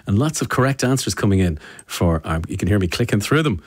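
A man's voice: low-pitched, animated, moderate pace, long pauses, husky. A man with an Irish accent presenting a radio show, reading out listener messages in a chatty, easygoing way. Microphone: studio microphone.

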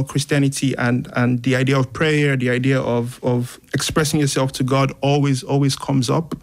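A man's voice: mid-range voice, gravelly. A young man from Nigeria, a writer and artist, talking loosely and reflectively in casual conversation as a guest. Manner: loose, filler-heavy, reflective.

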